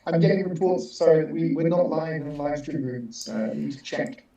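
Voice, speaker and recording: A man co-hosting a podcast, chatting in a relaxed, friendly way. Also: a little high, brisk. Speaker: podcast co-host. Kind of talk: casual chat. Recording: echoey room, distant mic.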